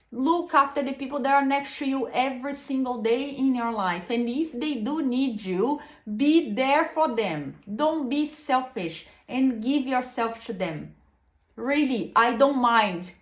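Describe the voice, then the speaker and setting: Earnest woman pleading in an echoey room. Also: a little high. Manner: earnest, pleading, with many restarts. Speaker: vlogger. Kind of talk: heartfelt motivational talk to camera. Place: at home.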